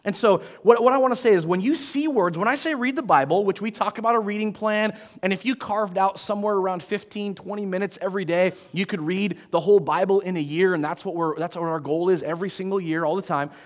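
High-voiced pastor preaching casually. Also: male voice, quick pace, hardly any pauses. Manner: conversational, self-deprecating, with asides to the congregation. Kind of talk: sermon. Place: church auditorium.

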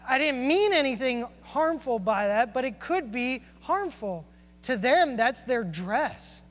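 A man's voice: very high voice, a bit bright. A man preaching a sermon and telling personal stories in an earnest, confessional way. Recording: long hall reverb.

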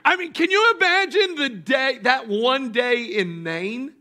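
High bright-voiced man preaching. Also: expressive, measured pace. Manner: emphatic preaching, bursts of shouting; calls on the congregation to respond. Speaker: pastor. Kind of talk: sermon.

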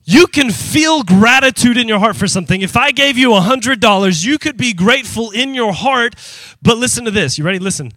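Bright-voiced, high-pitched preaching man. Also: normal speed, no echo. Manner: animated call-and-response preaching; emphatic, breaks into shouting. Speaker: pastor. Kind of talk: sermon. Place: church sanctuary with congregation.

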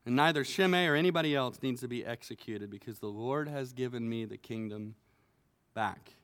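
A man voicing a calm, restrained king who speaks in a quiet, measured way. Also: mid-range voice, smooth, voice pushed down, close to an everyday voice. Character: restrained, calm king secure in his rule. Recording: long hall reverb.

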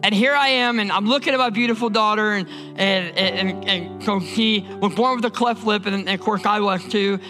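A man's voice: high voice, moderate pace, hardly any pauses, over music. A man from Indiana preaching a sermon as a pastor, emphatic and repetitive, often restarting his words.

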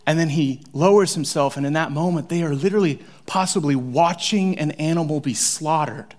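A man preaching a sermon, animated and conversational, swinging from loud excitement to hushed near-whispers. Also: a little high, brisk, few pauses. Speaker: pastor.

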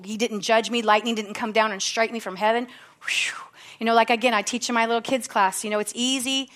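A woman's voice: on the high side, fairly bright tone. A woman pastor preaching a sermon with fervent, exhorting calls to action and chatty asides. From United States. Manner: conversational asides, laughs at herself.

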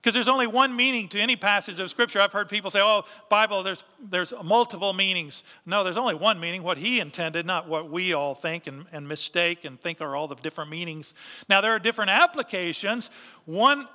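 A man with a high, piercing, bright voice preaching a sermon. He drives his points home with rhetorical questions and repeated phrases. His voice carries a long reverb, as if it fills a big hall. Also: a little fast. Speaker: pastor.

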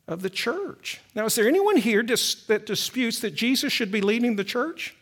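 A man preaching from the pulpit with a high, lively voice that swoops up and down. He presses his points with rhetorical questions and sinks to a near-whisper to land key phrases. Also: moderate pace. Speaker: pastor. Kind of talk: sermon.

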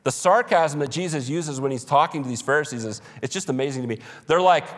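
A man's voice: mid-range voice, big pitch swings, fairly quick. A male pastor preaches in a church. His delivery is emphatic but conversational, and he drops humorous asides. His mid-range voice carries a long hall reverb. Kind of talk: sermon.

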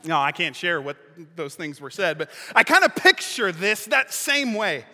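A male pastor preaches with a high, bright, forceful voice and animated storytelling. His words ring out with long reverb, as in a large church sanctuary. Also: moderate pace. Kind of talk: sermon.

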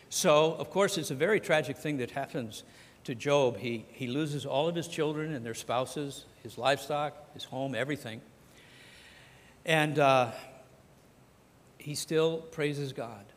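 A man's voice: a little high, unhurried. A man preaching a sermon as pastor, talking conversationally and acting out the scripture dialogue. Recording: long hall reverb.

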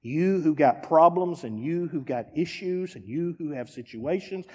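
A man preaching a sermon as pastor, dramatic, dropping to a hush and then rising to shouts. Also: on the high side, lively intonation, a little slow, long reverb tail. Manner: dramatic, swings from hushed to shouting.

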